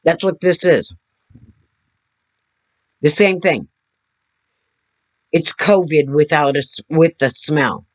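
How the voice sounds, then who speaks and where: A woman talking slowly and earnestly to her camera, demonstrating as she explains, sitting several feet back from her computer mic. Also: deep voice, highs cut off. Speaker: vlogger. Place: indoor room at a computer. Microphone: computer mic several feet away.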